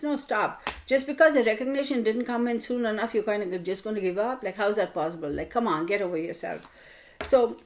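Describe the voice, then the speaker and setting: A woman giving a casual tarot card reading to camera, chatty and animated, playfully scolding her viewers. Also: mid-range voice, brisk. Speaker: tarot reader.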